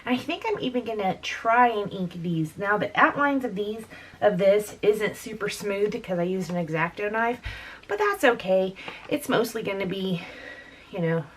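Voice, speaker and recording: A woman's voice: mid-range voice, a little hiss or hum. A woman hosting a scrapbooking video at home, chatting casually and rambling as she works, often calling viewers "dude". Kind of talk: casual chat while crafting. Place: home craft room with door open.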